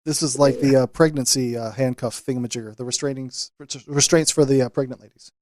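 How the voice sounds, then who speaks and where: A man's voice: mid-range voice, steady tone, quick pace, a little mellow, no room sound, clean studio sound. A man co-hosting a casual podcast discussion, talking loosely with lots of fillers. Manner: loose and chatty, many fillers. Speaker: podcast co-host.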